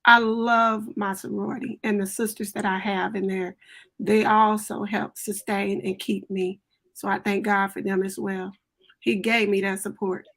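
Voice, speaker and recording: A woman with a gravelly, creaky voice speaking on a video call. She is emphatic and devout, hammering home her point by repeating key phrases. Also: mid-range voice, flat delivery, moderate pace, a bit bright. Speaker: panelist. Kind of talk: personal testimony.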